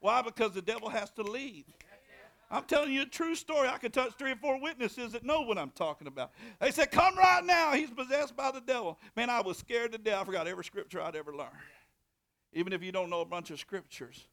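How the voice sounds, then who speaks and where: Male pastor, high pitch, fervent call-and-response preaching. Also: expressive, fast talker, vocal fry. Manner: preaching with rising shouted bursts and call-and-response. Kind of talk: sermon.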